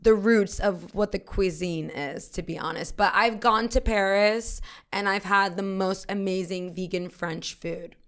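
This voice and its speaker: A chatty woman co-host who talks fast and with real enthusiasm. Her delivery is casual and conversational. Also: medium pitch, fairly even intonation. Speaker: podcast co-host. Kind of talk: casual podcast chat.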